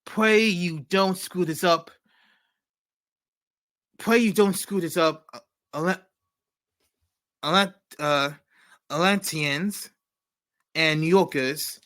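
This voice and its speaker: A man's voice: fairly high pitch, slow, long pauses, fairly bright tone. A man hosting a comedy news segment, reading jokes with frequent stumbles and self-corrections. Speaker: comedy show host.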